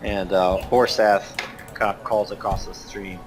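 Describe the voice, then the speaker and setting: A man's voice: on the low side, flat delivery, unhurried, over music. A man narrating a tabletop game as game master, hesitant and full of fillers. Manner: hesitant, filler-heavy, lots of "kinda".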